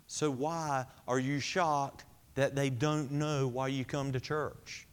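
A man preaching a sermon, asking the congregation questions and answering them himself, swinging between high emphatic lines and low quiet ones. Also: steady tone, slow pace, smooth. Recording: long hall reverb.

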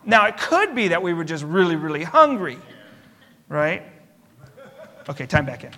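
A male pastor preaches with a slightly high, sing-song, sharp voice at a normal speed. He's emphatic, hammering his points home with repeated parallel phrases, under the long reverb of a large hall.

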